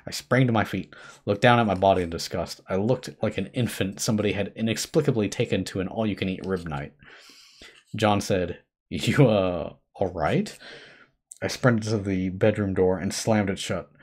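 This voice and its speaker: A man with a low, husky voice reads a horror story aloud for his live stream. He sits close to a desk mic and moves between hushed dread and sudden urgency. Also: fairly quick. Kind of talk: dramatic horror story reading. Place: home streaming setup.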